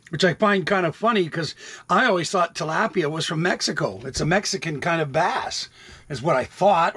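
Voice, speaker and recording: A man's voice: fairly high pitch, a bit bright, slightly rough. A man in his sixties chatting casually in a rambling way while cooking in his RV kitchen, talking to his cats now and then. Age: 60s. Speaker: RV vlogger. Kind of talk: casual cooking vlog chat.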